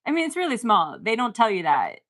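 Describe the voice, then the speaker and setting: A woman with a slightly high voice chats her way through a TV episode. She talks back at the screen and laughs easily, in a loose, casual way. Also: huge pitch swings, fairly quick, a bit bright. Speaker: vlogger reacting to a TV series. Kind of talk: casual watch-along commentary.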